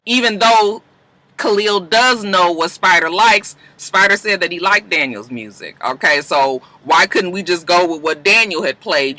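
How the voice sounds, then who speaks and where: A man casually recapping a TV episode in an animated, chatty way, with frank, salty asides. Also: on the high side, dry recording. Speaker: TV episode reviewer.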